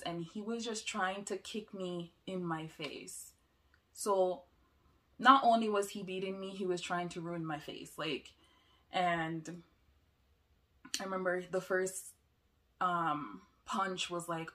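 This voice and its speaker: Young woman doing a storytime vlog, slow and halting, gets emotional, kinda low voice. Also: fairly even intonation, a bit bright. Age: young adult. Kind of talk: personal storytime.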